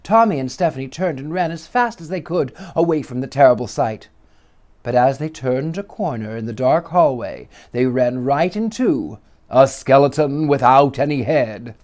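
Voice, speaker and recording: A man reading a children's story aloud with dramatic, lively delivery. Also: medium pitch, moderate pace.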